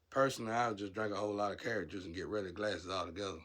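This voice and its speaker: A man with a lowish voice rants into the camera in a vlog, blunt and profane. He scolds his audience, dropping to a mutter and then rising to loud shouting. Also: steady tone, rapid-fire, few pauses, slight background noise. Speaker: vlogger. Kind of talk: ranting monologue to camera.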